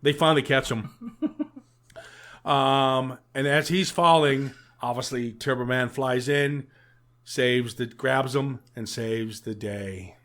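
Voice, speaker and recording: A man's voice: mid-range voice, fairly even intonation, slow pace, a bit bright. Boisterous American man ranting. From United States. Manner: boisterous, swears a lot, mock-exasperated retelling. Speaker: podcast co-host. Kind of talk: casual podcast chat.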